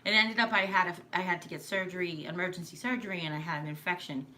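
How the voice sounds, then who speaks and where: Woman with a New York accent, bright voice, chatty and scattered, live stream host. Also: on the low side, fairly even intonation, fast, a little hiss or hum. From New York, Long Island. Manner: rambling, self-interrupting, laughs often. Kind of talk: casual live stream chat.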